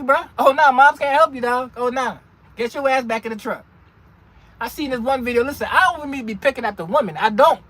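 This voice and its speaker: A man's voice: very high-pitched, fairly bright tone. A truck driver vlogging a casual, slangy rant, repeating and restarting words as he mocks other drivers. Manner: slangy, repetitive, stammering restarts, mocking. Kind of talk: casual ranting monologue.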